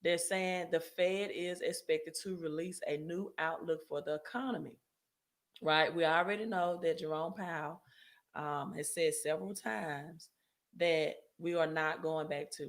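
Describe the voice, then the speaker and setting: A woman hosts a casual livestream about credit and finance, talking loosely to her viewers. She's chatty, often adds "right?" to her sentences, and corrects herself mid-sentence. Her voice is deep and steady, at a normal speed.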